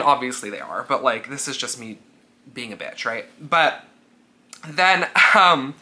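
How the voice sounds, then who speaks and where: Guy rambling on his book vlog, bright sharp voice, swears a lot, all likes and ums, super emotional. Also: on the high side. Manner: animated and sweary, filler-heavy; emotionally gushing, near tears. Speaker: book vlogger. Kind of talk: casual reading vlog chat.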